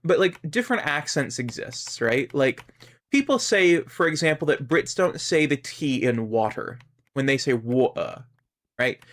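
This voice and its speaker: A man's voice: medium pitch, expressive, unhurried, fairly bright tone. A man with a Canadian accent chatting casually while streaming a game, rambling and musing aloud. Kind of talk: casual gaming stream chat.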